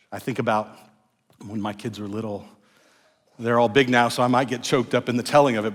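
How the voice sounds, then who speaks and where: Middle-aged male pastor, sermon delivery, emphatic, then drops to near-whispered hushes, echoey sanctuary. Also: on the high side. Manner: shifts from warm emphasis to hushed, soft phrases. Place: large church sanctuary. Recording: echoey church hall.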